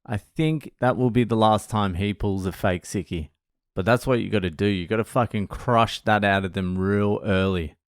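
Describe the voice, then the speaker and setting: A man's voice: medium pitch, no room sound, clean studio sound. A man, hosting a show and telling funny stories in a casual, profane, joking way. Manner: profane, joking, laughs at his own stories. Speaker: podcast host answering questions. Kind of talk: casual storytelling monologue.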